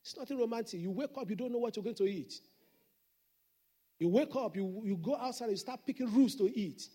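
A man's voice: sits high, fairly quick, mellow, breathy edge. A man preaching a Sunday sermon as senior pastor, emphatic and repeating his declarations.

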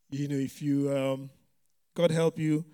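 A man's voice: mid-range voice, warm tone, clean tone. A male pastor giving a conversational sermon, full of "you know" asides and frequent light chuckles. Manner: chatty, many "you know" fillers, chuckles often.

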